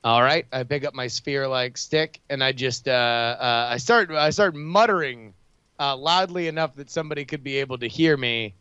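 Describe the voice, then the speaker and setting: A man's voice: medium pitch, normal speed, pushed and bright, clean tone, dry recording, dull audio. A man playing a tabletop game, talking hesitantly with many stammers and fillers. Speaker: player. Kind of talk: tabletop role-play.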